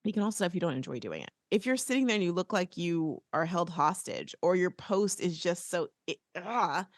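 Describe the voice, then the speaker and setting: Chatty, playful woman with a low voice. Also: expressive, fairly quick, no echo, clean studio sound. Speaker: podcast co-host. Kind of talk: casual podcast chat.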